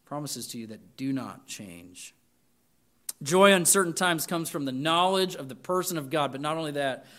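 A man's voice: mid-range voice, fairly bright tone. A man preaching a sermon to students, reading scripture with emphatic lists and chatty asides. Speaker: pastor.

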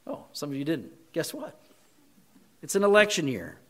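A man with a fairly high voice, preaching a sermon from the pulpit. He drives his points home with loud emphasis, then drops to a quiet, earnest appeal. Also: huge pitch swings, moderate pace. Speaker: pastor.

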